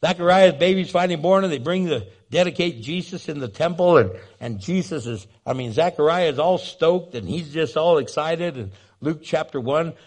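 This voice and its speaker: A man preaching a sermon, animated and jokey, acting out the scenes he describes. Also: on the high side, normal speed, few pauses. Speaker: pastor.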